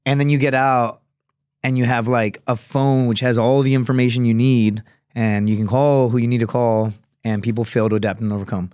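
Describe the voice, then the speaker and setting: A man's voice: mid-range voice, fairly even intonation, brisk, darkish tone, smooth, no echo, clean studio sound. A man, a former Marine and fighter, telling a story as a podcast guest in a casual, rambling way full of fillers and swearing. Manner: profane, rambling, many fillers.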